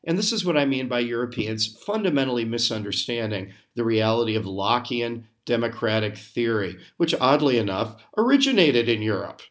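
A man's voice: mid-range voice, animated, moderate pace, few pauses, fairly bright tone. An American man hosting a podcast, delivering an emphatic, sarcastic opinion monologue with open indignation. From United States. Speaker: podcast host.

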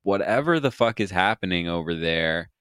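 A man co-hosting a podcast, talking in a slow, scornful, swearing way in casual political banter. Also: deep voice, lively intonation, fairly bright tone, smooth, dry recording, studio quality. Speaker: podcast co-host.

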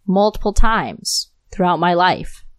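A woman hosts a solo podcast and rants into her new mic, furious and unfiltered, with curses scattered all through her talk. Her voice sits on the low side for a woman, and the recording is dry and close. She speaks fervently and directly. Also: sing-song, takes it slowly, clean tone, no room sound. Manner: angry, profane, impassioned. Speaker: podcast host.

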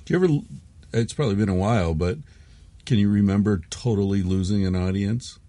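A man's voice: lowish voice, a little fast, warm tone. A man hosting a casual interview, asking curious questions. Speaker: host.

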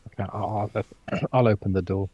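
Low-voiced man playing a tabletop game. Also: fairly even intonation, normal speed, breathy edge, lo-fi sound. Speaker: player. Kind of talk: casual tabletop game play.

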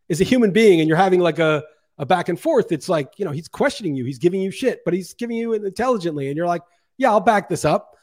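Fast, high-voiced man ranting heatedly. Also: a little mellow. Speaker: podcast co-host. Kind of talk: casual podcast chat.

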